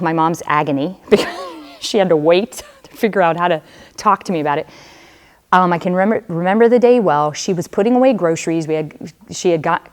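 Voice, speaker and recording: A woman with a fairly low voice tells her own story to a room of students. She is a religious sister and talks to them directly, like a conversation. She uses casual fillers as she goes. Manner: conversational storytelling, speaks straight to the audience. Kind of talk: personal testimony talk.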